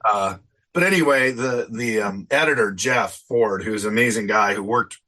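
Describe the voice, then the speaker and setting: A man's voice: on the low side, normal speed, pushed and bright. A man in his fifties, an interview guest, chatting casually with a rambling, self-deprecating manner and frequent laughs.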